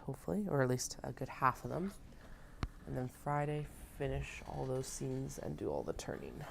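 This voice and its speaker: A woman in her thirties with a very deep, gravelly voice talks her way through a sewing session at home, thinking aloud and poking fun at herself. Her tone is dark and mellow, and she drifts a little closer to and further from the mic as she works. A faint hiss sits under the recording. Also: moderate pace. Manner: chatty, thinking aloud, self-mocking. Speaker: crafter live-streaming her sewing. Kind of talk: casual chat while working.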